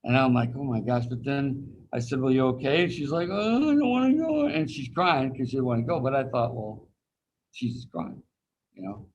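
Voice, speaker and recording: A man's voice: medium pitch, normal speed, lo-fi sound, slight background noise. A man teaching anatomy over a video call in a casual, folksy way, slipping anecdotes in and acting out the voices of people he quotes. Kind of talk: casual classroom lecture with personal anecdote.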